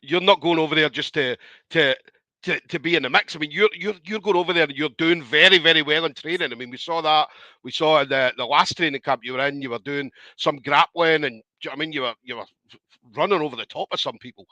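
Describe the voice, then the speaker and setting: Scottish male host, fairly high and bright, dry close sound. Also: fast, no room sound. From Scotland. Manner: rambling questions, repeats obviously. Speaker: interviewer. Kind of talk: casual interview.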